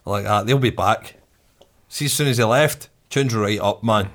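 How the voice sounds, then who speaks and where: A man's voice: on the low side, fairly quick. A man telling a sweary anecdote in casual chat, acting out the voices of the people in it. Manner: animated anecdote telling, acts out quoted voices, sweary, laughs often.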